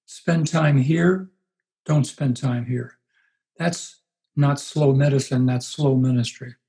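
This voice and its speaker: A man in his eighties, a pastor being interviewed, telling stories in an unhurried, reflective way. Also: mid-range voice, steady tone, mellow, low-quality recording. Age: 80s. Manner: unhurried, anecdotal, puts on voices for quoted people. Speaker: guest, pastor.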